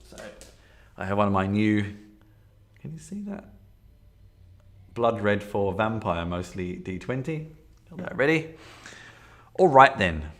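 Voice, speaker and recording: A man casually thinking aloud as he sets up a solo tabletop game on a stream, rambling with frequent fillers and restarts. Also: on the low side. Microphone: desktop setup with camera.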